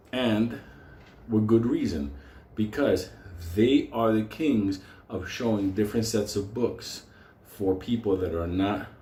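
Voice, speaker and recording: Low-voiced guy ranting about stocks, cussing and laughing, roomy echo and faint hiss. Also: mellow. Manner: profane, fired-up, laughing. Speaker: stock market show host. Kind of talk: unscripted rant.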